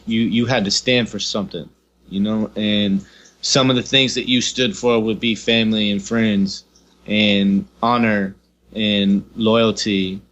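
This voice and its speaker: A man's voice: on the low side, fairly bright tone, highs cut off. A man co-hosting a podcast in casual chat, rambling and peppering his talk with "you know what I mean" and swearing. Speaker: podcast co-host.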